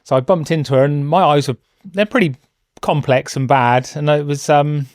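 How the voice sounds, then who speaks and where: British man, podcast guest, slightly high voice, wry and self-deprecating, dry close sound. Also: steady tone, moderate pace, no echo. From Britain. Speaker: guest, host's husband. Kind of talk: casual conversation.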